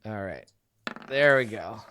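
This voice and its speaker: Animated man running a tabletop game. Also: fairly low pitch, unhurried, slight background noise. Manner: animated, laughing, many fillers. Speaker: game master.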